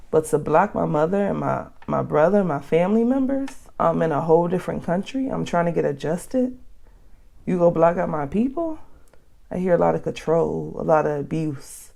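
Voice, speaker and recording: This channel host is a blunt woman vlogger with a low voice and vocal fry, reacting to a reader's post. Breathless, she dishes out animated, slang-heavy advice.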